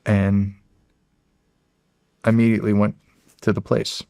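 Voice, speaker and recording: A man's voice: on the low side, completely flat delivery, a little slow, gravelly, mellow, clean tone, no echo, clean studio sound. A middle-aged American man, a podcast guest, telling a long story in a rambling, casual way and acting out the quotes. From United States. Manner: rambling, acts out quotes, repeats "he's like".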